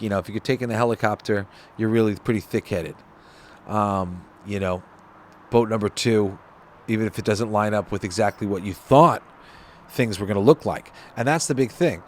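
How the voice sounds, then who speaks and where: A man hosting a podcast, talking casually about spirituality with rambling, self-deprecating asides and frequent restarts. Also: mid-range voice. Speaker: podcast host.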